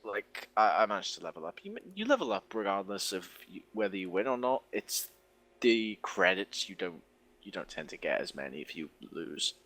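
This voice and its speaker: A man's voice: sits low, big pitch swings, normal speed, a bit bright. A young man co-hosting a casual podcast chat, rambling and laughing often as he blurts out whatever comes to mind. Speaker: podcast co-host.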